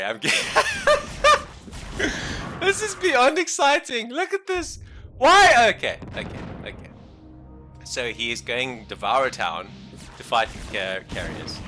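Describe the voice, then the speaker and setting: A man casting a strategy game match alone, excitable and jokey, dropping to mumbled asides and then bursting out loud. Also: on the high side. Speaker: esports caster. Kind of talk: solo game commentary.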